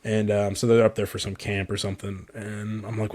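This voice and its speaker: Over slight background noise, a young podcast co-host with a lowish voice talks at a moderate pace and fairly even intonation. He's casually chatting, spinning a rambling story loaded with "like" and curse words.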